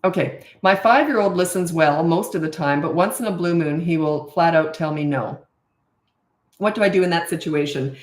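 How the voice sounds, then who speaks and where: A middle-aged woman hosting a casual live Q&A as a parenting coach. She reads out viewer questions and answers them frankly and chattily into a camera mic. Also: lowish voice. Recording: roomy echo.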